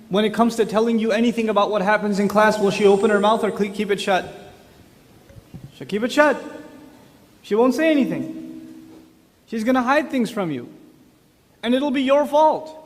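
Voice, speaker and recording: A man's voice: high-pitched, in a large hall. A man giving a religious talk on parenting, chatty, asking the audience questions. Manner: conversational, with rhetorical questions to the audience. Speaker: speaker on parenting.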